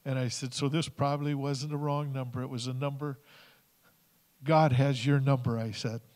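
A man's voice: medium pitch, little pitch movement, normal speed, darkish tone. A man sharing stories in a church service in an earnest way, retelling phone calls and what people said to him. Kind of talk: storytelling sermon. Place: church sanctuary. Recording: long hall reverb.

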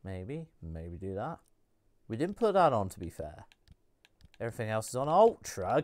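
A man's voice: lowish voice, sing-song, normal speed, long pauses, a little mellow, no room sound. A man streaming a video game, chatting and joking casually with his viewers. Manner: joking, chatty, mutters to himself. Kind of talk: casual gameplay commentary.

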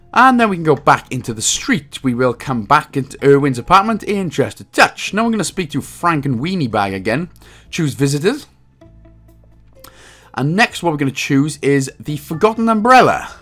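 A man narrating a game walkthrough, joking around and slipping into silly high voices. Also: big pitch swings, normal speed, pauses often, a bit bright. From Wales. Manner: bursts into silly high-pitched voices and laughs at own jokes. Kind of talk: jokey game walkthrough commentary. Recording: faint game music underneath.

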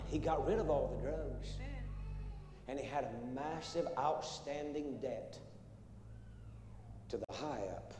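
A man's voice: on the high side, lively intonation, takes it slowly, long pauses, music in the background. A man preaching a sermon as pastor, retelling a story in a storytelling manner. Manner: storytelling preacher retelling a testimony with many quotes. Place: church sanctuary. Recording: echoey church hall with long reverb.

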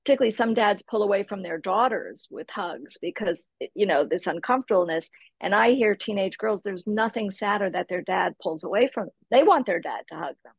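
A woman psychotherapist, a guest on a podcast, calmly explaining parenting in a reflective way. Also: mid-range voice, brisk, vocal fry, breathy edge, no room sound. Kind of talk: casual podcast interview.

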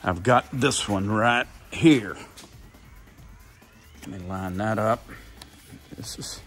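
Older guy hosting a garage build video, low voice, slow and rambling, faint music behind. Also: a bit bright. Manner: rambling, thinks aloud, repeats himself. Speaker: car builder, channel host. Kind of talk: casual workshop vlog.

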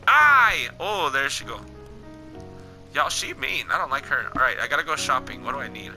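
A young man giving casual, excitable gameplay commentary, talking at the game characters in slangy speech. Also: medium pitch, normal speed, faint music behind, rough recording. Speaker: gaming channel host.

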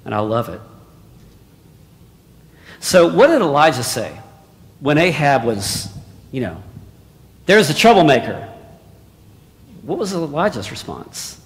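A male preacher delivering a sermon, dropping to hushed asides and then rising to loud exclamations. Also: a little high, sing-song, slow pace, pauses often. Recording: long hall reverb.

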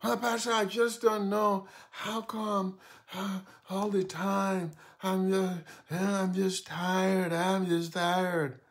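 A man's voice: high voice, flat delivery, voice pushed up. A man putting on a whiny tired churchgoer woman. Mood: weary. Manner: sighing, halting, self-pitying. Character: weary complaining churchgoer woman.

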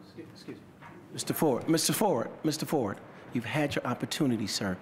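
A man's voice: mid-range voice, lively intonation, fairly quick, slight background noise. A man chairing a council meeting, firmly and patiently repeating himself to restore order. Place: council chamber.

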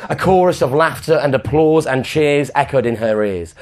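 A male comedian reciting a comic narrative poem at a live show. His delivery is theatrical, leaning into deliberate repetitions. The voice sits at an ordinary middle pitch for a man. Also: darkish tone. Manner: theatrical storytelling, drawn-out repetitions. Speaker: comedian and performance poet.

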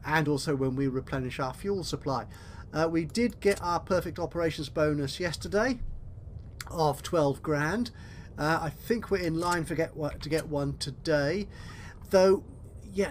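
A man's voice: fairly high pitch, a little hiss or hum. Rambling man narrating gameplay. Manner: rambling, self-correcting, wry asides. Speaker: let's play host. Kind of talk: casual gameplay commentary.

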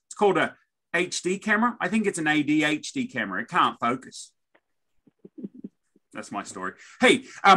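Jokey Australian man hosting, lively and bright. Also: on the high side. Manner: jokey, rambling, self-interrupting. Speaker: podcast host. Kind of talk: casual interview intro.

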